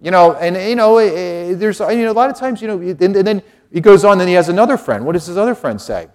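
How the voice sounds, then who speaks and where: A middle-aged man gives a homily as a Catholic priest. He talks in a relaxed, conversational way, and his voice sits a little high and rises and falls a lot as he acts out what people say. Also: fast. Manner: conversational, animated preaching with acted-out quotes. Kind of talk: sermon.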